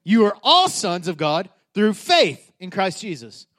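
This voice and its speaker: A man's voice: high-pitched, sing-song, a little slow, fairly bright tone. A middle-aged man, a pastor, preaching a conversational sermon that climbs to emphatic peaks.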